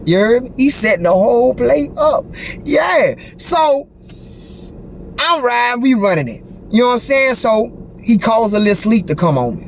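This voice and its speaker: A man with a very high-pitched voice tells a personal story to the camera at normal speed, over slight background noise. The casual monologue is animated and profane, packed with street slang and repeated "you feel me" check-ins.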